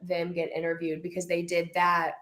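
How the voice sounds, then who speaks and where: A woman's voice: lowish voice, completely flat delivery, moderate pace, a bit bright. A woman co-hosting a casual movie review chat, enthusiastic and gushing, laughing often. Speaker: podcast co-host.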